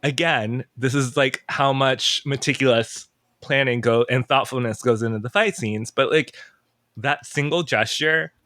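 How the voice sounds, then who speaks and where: A man's voice: medium pitch, unhurried, bright, forceful tone, no room sound, studio quality. A man guest on a podcast, chatting casually in an emotional, rambling way and second-guessing himself. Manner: emotional, rambling, self-questioning. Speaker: podcast guest, entertainment writer.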